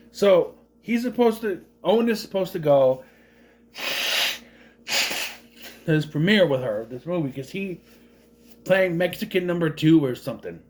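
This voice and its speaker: A man from southern Minnesota giving a casual, rambling movie review with joking asides. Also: a little high.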